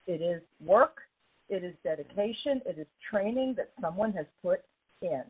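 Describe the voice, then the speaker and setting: A woman hosting a podcast in casual chat, talking effusively and with emphasis, her voice a little hoarse after an illness. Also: lowish voice, expressive, normal speed. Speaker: podcast host. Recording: phone-like narrow band.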